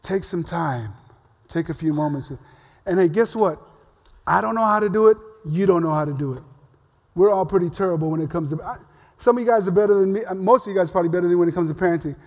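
An older man preaches in a relaxed, talkative way, slipping humor into his stories. His voice sits high for a man. The sound rings with the long echo of a big church hall. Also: fast talker. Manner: conversational, humorous storytelling. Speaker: pastor. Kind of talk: sermon. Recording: long reverb of a large hall.

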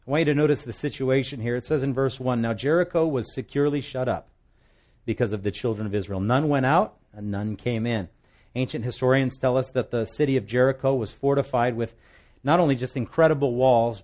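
A male pastor from the United States delivering a sermon in an ordinary mid-range voice. He tells a joke with playful, swooping delivery and reads scripture with firm, deliberate emphasis. His talk rises and falls as he drives his points home. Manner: lively storytelling preacher, acts out a joke with big pitch swings.

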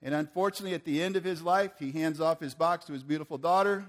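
A man preaching a sermon, swinging from forceful declarations to playful banter with volunteers he calls on stage. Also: fairly high pitch, fast. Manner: rises to forceful proclamations, then playful and joking with volunteers. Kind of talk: sermon with live audience demonstration.

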